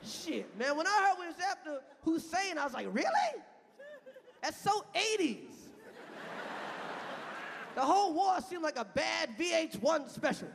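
A man doing a live stand-up routine, profane and animated, shouting his punchlines. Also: very high-pitched, normal speed, gravelly, few pauses, slight background noise. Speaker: stand-up comedian. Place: stage in a large hall. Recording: live venue with reverb and audience.

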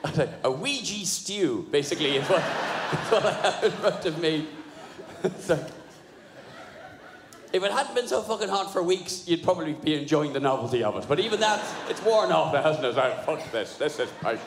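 A man doing a stand-up comedy set, sweary and animated, laughing at his own jokes. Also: fairly high pitch, normal speed. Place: live comedy venue. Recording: live venue, roomy hall echo, crowd noise.

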